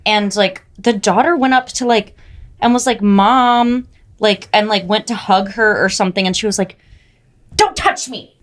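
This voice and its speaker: A young woman co-hosting a podcast, telling stories in animated casual chat, full of "like" and "oh my God". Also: medium pitch, normal speed. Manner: animated storytelling, frequent "like" and "oh my God". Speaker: podcast co-host.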